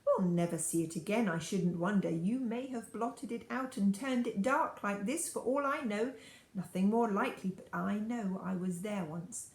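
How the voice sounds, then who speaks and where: A woman voicing a stubborn male Marsh-wiggle who talks loud and short of breath, in a voice with room echo. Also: mid-range voice, normal speed, natural voice. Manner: short of breath, dogged and forceful.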